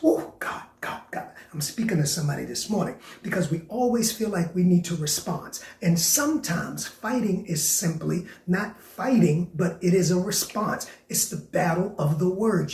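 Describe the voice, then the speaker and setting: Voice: mid-range voice, animated, a little slow, few pauses, a little mellow. Emphatic repetitive preacher in a roomy space. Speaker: preacher hosting a faith broadcast. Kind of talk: sermon.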